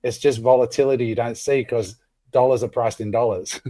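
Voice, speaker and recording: A man's voice: medium pitch, steady tone, brisk, dark tone, dry recording. A man hosting a podcast, chatting casually and retelling stories with quoted back-and-forth. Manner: storytelling, acts out quoted exchanges. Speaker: podcast host.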